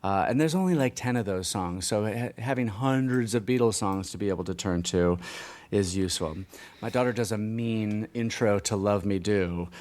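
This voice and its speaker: A man in his forties co-hosts a podcast, chatting casually in a rambling, self-deprecating manner with many restarts. His voice is fairly low and a little mellow, and he speaks at a normal speed.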